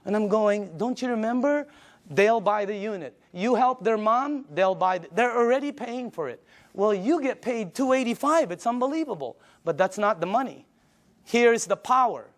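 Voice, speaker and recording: An older man giving an emphatic, energetic sales presentation, retelling phone conversations with friends. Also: high-pitched, moderate pace. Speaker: business presenter.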